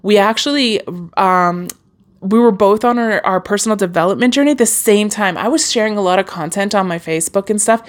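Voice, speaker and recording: A woman's voice: medium pitch, brisk. Chatty encouraging woman podcaster. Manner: chatty and encouraging, many fillers and restarts. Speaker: podcast host. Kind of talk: casual solo podcast monologue. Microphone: podcast microphone.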